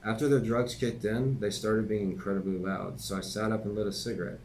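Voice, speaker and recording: A man's voice: fairly low pitch, steady tone, brisk, a little mellow, a little hiss or hum, poor audio. A man reading his own memoir aloud in a plain conversational way, with occasional slips and offhand asides.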